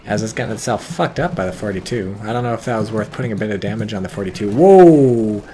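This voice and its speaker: A man giving casual, profane, excitable commentary on a strategy game match, with wry asides. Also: fairly low pitch, rapid-fire, background noise. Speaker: game caster.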